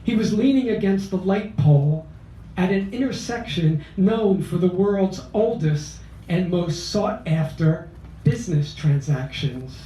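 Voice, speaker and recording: Slow, high-voiced older poet from Philadelphia. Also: male voice, expressive, mellow, slight background noise. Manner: measured, deliberate storytelling. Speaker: open mic poet. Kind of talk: poetry reading of a memoir piece. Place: cafe open mic. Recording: roomy, distant cafe mic.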